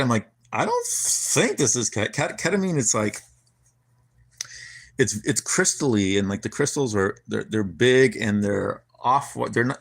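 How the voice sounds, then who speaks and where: A man chatting to his stream audience, wandering off into asides and circling back to his story. He swears freely and keeps restarting his sentences. His voice sits at an ordinary middle pitch for a man. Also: fairly bright tone. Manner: rambling, profane, many restarts and asides. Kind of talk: casual storytelling to a live chat.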